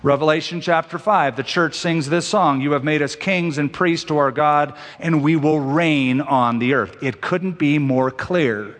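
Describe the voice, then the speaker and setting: Man preaching in a reverberant hall. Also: fairly high pitch. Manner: preaching, slows and stretches scripture quotes for emphasis. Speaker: pastor. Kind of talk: sermon.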